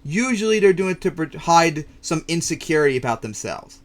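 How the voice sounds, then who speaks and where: A man's voice: on the high side, big pitch swings, brisk. Blunt, mocking male podcast host. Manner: mocking, blunt, filler-heavy. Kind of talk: casual reaction chat.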